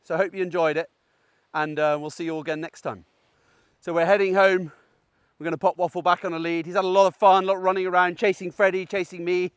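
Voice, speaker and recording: Man, middle-aged, dog trainer, chatty explainer, high-pitched, dry sound. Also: level tone, fast, clean tone, no echo. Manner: chatty and explanatory, checks in with "okay?". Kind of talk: outdoor training tutorial. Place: outdoors in a field on a dog walk.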